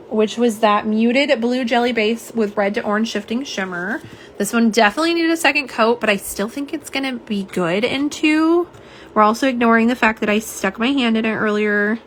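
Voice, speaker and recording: A woman with a fairly high voice, speaking at a normal speed, runs a livestream where she unboxes and swatches nail polish, chatting casually and reading out viewer comments. There's a little hiss or hum in the recording.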